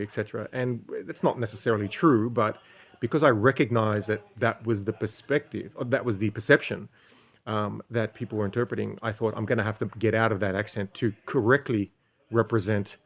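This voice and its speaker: A man's voice: lowish voice, vocal fry. An Australian man from Sydney explaining a study method in a casual, rambling monologue with many ums and restarts. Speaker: streamer.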